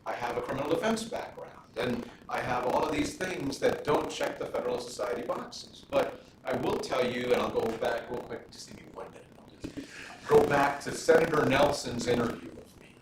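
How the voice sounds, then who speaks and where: A middle-aged man, a judge, talking casually with law students in a relaxed question-and-answer session, full of "you know" fillers and anecdotes. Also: medium pitch, fairly quick. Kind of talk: casual Q&A talk. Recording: roomy, distant mic, room noise.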